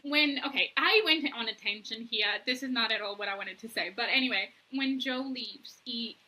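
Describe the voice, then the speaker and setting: A young woman co-hosting a casual book-discussion podcast, talking in an animated, gushing way and swearing freely. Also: on the high side, normal speed, rough recording. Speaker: podcast co-host.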